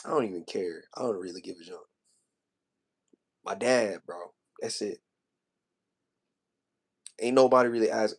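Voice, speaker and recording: A man's voice: lowish voice, moderate pace, gravelly, pauses often, breathy edge. A man in his twenties venting to a livestream chat in a casual, slangy rant, repeating himself and growing emotional. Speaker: streamer.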